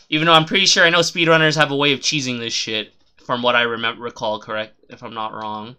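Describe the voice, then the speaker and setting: A man streaming a game live, chatting casually and swearing a lot, rambling and then shouting suddenly at the game. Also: medium pitch, fast talker, clear, resonant tone. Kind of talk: casual live gameplay commentary.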